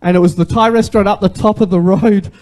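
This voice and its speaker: A man's voice: sits high, fairly even intonation, fast talker, darkish tone. A man, preaching a sermon as a pastor in a conversational way and asking the congregation questions.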